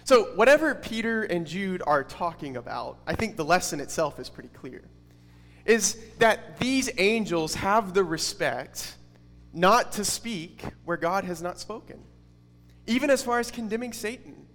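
A man's voice: high-pitched, lively intonation, measured pace, a bit bright. Man teaching a Bible lesson in a hall. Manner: conversational, uses rhetorical questions and casual fillers.

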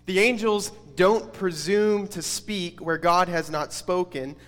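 A man's voice: a little high, a bit bright, long reverb tail. A man teaching a Bible study in a conversational way, with casual fillers and rhetorical questions.

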